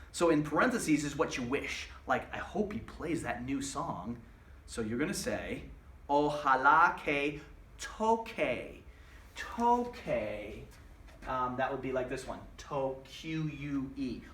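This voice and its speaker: A man's voice: on the high side, bright, forceful tone. Chatty male teacher in echoey room. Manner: chatty, repeats and spells out words, asks himself questions. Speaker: Spanish teacher. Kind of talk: recorded video lesson. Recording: echoey room, voice a bit far from mic.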